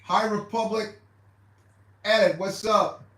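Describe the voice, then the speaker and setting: High-pitched guy chatting on his livestream, repeats himself a lot, echoey room, sounds far from the mic. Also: fairly even intonation, takes it slowly, a bit bright. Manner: rambling and repetitive, with hesitant restarts. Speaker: livestream host. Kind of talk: casual livestream chat.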